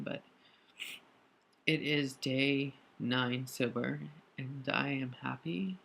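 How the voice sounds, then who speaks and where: A man recording a personal video diary while crying, speaking in a halting, emotional way with many pauses and fillers. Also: mid-range voice, expressive, gravelly, husky. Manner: grateful, soft-spoken confession. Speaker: vlogger.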